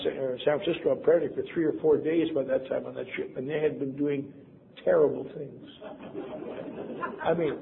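A man's voice: medium pitch, vocal fry. Older man telling wry stories over a tinny line. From Wisconsin, US. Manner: wry, self-deprecating humor. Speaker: storyteller. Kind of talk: personal storytelling. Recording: tinny phone-like sound, faint noise.

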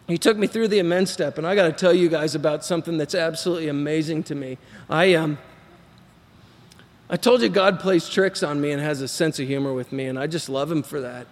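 A man's voice: fairly high pitch, a little fast, in a large hall. A middle-aged man telling his recovery story to a group, rambling and acting out what people said, with a self-deprecating humor. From Texas. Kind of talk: personal recovery talk to a group.

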